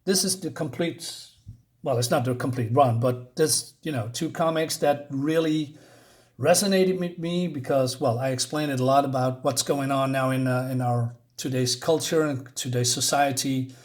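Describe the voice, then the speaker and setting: A man's voice: mid-range voice, moderate pace. A man giving a casual, rambling comic book review on his channel, with lots of fillers and restarts.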